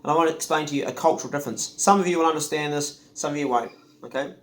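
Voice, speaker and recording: A middle-aged man with a slightly high voice, talking casually at home. He jokes and mocks himself as he hosts the chat. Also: racing, over music. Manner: joking, self-mocking. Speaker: host.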